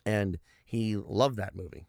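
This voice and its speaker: On a laid-back podcast, this thirtysomething comic tells rambling stories packed with swearing and frequent restarts. His voice is on the low side, gravelly and darkish, delivered at a measured pace in clean studio sound without room sound.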